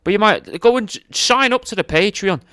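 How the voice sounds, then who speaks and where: Smooth, dry-voiced podcast host. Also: male voice, high-pitched, expressive, fairly quick, sharp tone, no room sound. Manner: laid-back, plugging his own offers between clips. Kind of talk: casual podcast chat.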